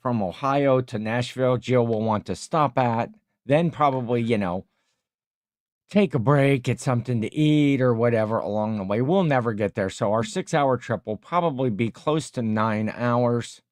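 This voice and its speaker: A man hosting a casual livestream, reading viewer comments aloud and rambling with many pauses. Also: medium pitch, darkish tone, no room sound, clean studio sound. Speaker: livestream host.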